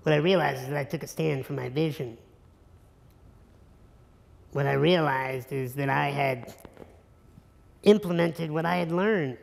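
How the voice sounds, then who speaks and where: A man's voice: a little high, a little slow, vocal fry, long pauses. A man giving an earnest, emphatic motivational keynote speech in a conference hall. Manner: earnest, emphatic, builds to repetition. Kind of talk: inspirational speech. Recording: reverberant hall.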